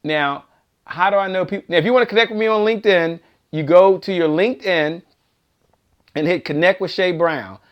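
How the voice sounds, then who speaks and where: Brief: male livestream host, energetic sales motivator, slightly high voice, preachy repetition. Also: fairly quick, clear, resonant tone, lo-fi sound. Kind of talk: live-stream motivational sales talk.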